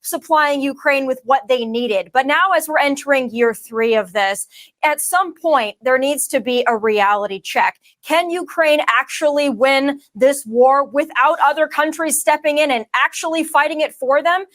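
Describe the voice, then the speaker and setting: A woman's voice: high-pitched, normal speed, a bit bright. A woman political commentator in a televised debate, firing off emphatic talking points over a remote video link.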